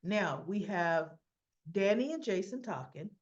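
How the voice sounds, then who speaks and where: A woman giving a casual, chatty recap of a soap episode, addressing her viewers directly in an animated, gossipy way. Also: medium pitch, unhurried, muffled recording. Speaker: soap opera recap vlogger.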